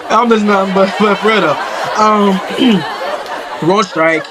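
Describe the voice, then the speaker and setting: A man's voice: high voice, slow, pauses often, a loud crowd, heavy background noise. A man hosting a talk show, giving an upbeat, chatty opening monologue straight to the audience. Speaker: talk show and radio host.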